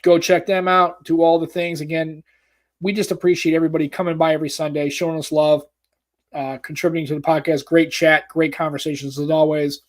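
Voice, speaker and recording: An American man with a slightly high voice co-hosts a tech podcast. He talks in a loose, jokey way and swears freely. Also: flat delivery, fairly quick. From United States. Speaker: podcast co-host. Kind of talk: casual podcast chat.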